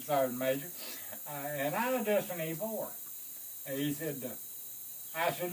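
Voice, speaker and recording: Animated, swearing veteran storyteller. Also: male voice, fairly high pitch, moderate pace, a little hiss or hum, low-quality recording. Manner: animated, swearing, acts out voices of others. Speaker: Vietnam veteran recounting service.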